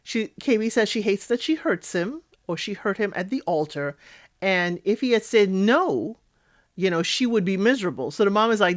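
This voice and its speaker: A woman hosting a casual reality TV recap, talking in an animated, outspoken way with sassy asides. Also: medium pitch, moderate pace, no room sound, studio quality.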